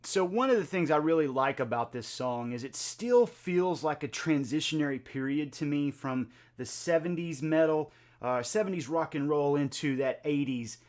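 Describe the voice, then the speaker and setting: Man, slightly higher voice, casual reaction-video host, chatty, lots of fillers. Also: moderate pace, hardly any pauses, a little mellow. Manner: chatty and conversational with frequent filler words.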